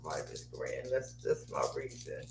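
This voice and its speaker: A woman's voice: a bass voice, big pitch swings, a little slow, a little mellow. A woman hosting a podcast with her son, chatting casually with many fillers and reading notes aloud. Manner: chatty, rambling, with frequent fillers. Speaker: podcast host and mother. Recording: roomy echo, distant mic, faint hum.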